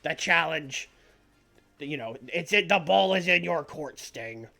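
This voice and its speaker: A man putting on a brash male wrestling manager who calls out a rival in a loud promo. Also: a little high, expressive, unhurried, gravelly, soft background music, heavily acted. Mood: challenging.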